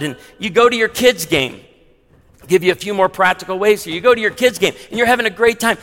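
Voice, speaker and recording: A man's voice: high voice, a bit bright. A man preaching a sermon as pastor, conversational with humorous asides. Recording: long hall reverb.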